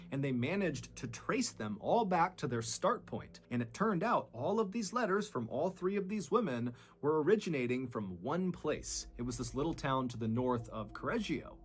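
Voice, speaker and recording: A man narrating a true crime story with dramatic shifts in pitch and loudness. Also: sing-song, normal speed, few pauses, slightly rough.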